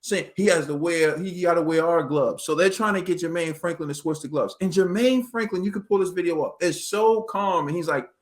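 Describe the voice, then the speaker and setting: A man in casual sports talk, breaking down a boxing match in a loose, slangy manner. His voice sits a little higher than most men's. He throws in quick acted quotes as he goes. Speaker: boxing show co-host.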